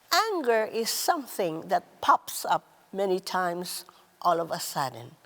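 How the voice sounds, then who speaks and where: A woman gives a slow, deliberate talk on relationships, her voice sitting fairly low. Her pitch swings widely as she stresses words, then sinks to a soft hush on key phrases. A long reverb trails behind her. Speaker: host.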